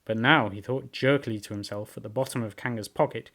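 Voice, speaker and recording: A man narrates a storybook aloud with lively, expressive reading. His voice sits at an ordinary middle pitch. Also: fast, hardly any pauses. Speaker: book reviewer reading aloud.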